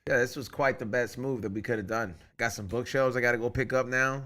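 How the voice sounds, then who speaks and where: A man's voice: medium pitch, steady tone, fairly quick, a bit bright. A man hosting a podcast in casual, joking, profane banter. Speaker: podcast host. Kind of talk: casual chat.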